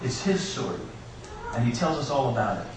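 A man's voice: medium pitch, big pitch swings, a little fast. A man preaching an Easter sermon, telling personal stories with joking asides. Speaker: pastor. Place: church sanctuary. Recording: echoey church room, distant mic, background hiss.

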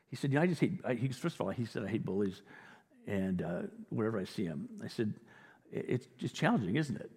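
A man's voice: fairly low pitch, a little mellow, husky. A male pastor giving a sermon, telling stories in a conversational way and rising to emphatic points. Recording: reverberant hall.

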